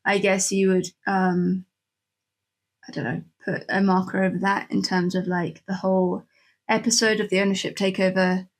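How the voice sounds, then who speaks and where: A woman with a medium-pitched voice and flat delivery co-hosts a casual football podcast at normal speed. She thinks aloud in a thoughtful, hedging way.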